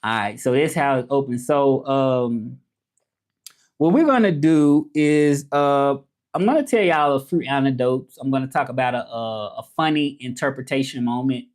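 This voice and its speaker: A man with a Southern US accent, who is a livestream host and interpreter, hosts a casual livestream with loose, rambling talk, answering viewers' comments as they arrive. His voice is medium-pitched with a darkish tone at a moderate pace.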